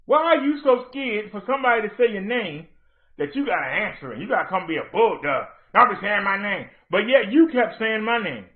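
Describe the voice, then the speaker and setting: A man's voice: high-pitched, lively intonation, a little fast. A man hosting his own livestream in a heated rant, confronting someone by reading out her messages and answering them. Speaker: livestream host. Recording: tinny phone-like audio.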